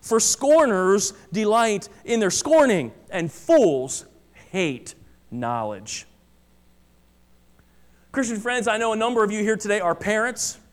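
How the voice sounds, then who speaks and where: High-voiced earnest male preacher. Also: sing-song, slow pace, pauses often. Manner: earnest, emphatic, repeating key phrases. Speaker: pastor. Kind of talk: sermon. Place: church.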